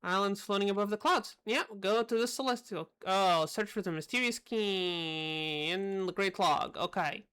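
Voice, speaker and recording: A woman's voice: mid-range voice, a little slow, fairly bright tone, smooth. A young woman streaming a game live, reacting with wry, sarcastic asides. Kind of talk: live gameplay commentary.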